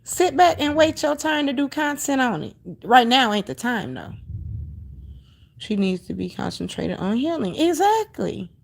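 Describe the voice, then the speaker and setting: High and animated with vocal fry, this woman's voice keeps a measured pace. She's a middle-aged host on a casual livestream who answers viewers' comments in a sassy, emphatic, somewhat preachy way, going over the same points repeatedly.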